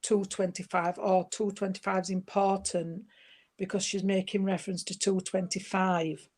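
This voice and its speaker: Woman medium, warm-toned chatter, endearments throughout, mid pitch. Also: flat delivery, normal speed. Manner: gentle, chatty, full of endearments like sweetheart and darling. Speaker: spiritualist medium. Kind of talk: giving a spirit reading.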